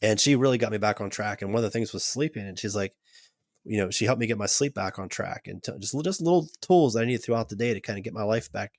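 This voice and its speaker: A man, a podcast guest, telling a personal story in a casual, animated way. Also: on the low side, quick pace, dry recording, studio quality. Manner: animated, acts out quotes. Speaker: podcast guest, gear company owner.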